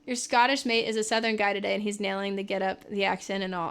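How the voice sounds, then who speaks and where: A woman's voice: medium pitch, expressive, normal speed, long pauses, a bit bright, clean tone. A woman from California, a livestreamer and singer, chatting casually with viewers in a rambling way and laughing often.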